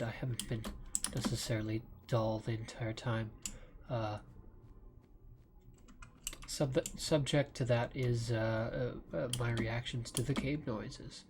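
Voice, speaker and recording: Slow, rambling man playing a game. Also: medium pitch, noisy background. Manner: slow, rambling, many fillers. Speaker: let's play gamer. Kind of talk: relaxed gameplay commentary. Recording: loud keyboard clicking throughout. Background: keyboard typing and clicks.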